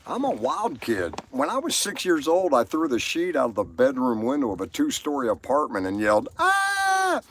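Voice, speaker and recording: Crude Southern man hosting a live stream, lively pitch, rambling storyteller. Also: fairly quick, hardly any pauses, a little hiss or hum. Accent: Southern American. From Southern United States. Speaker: livestream host.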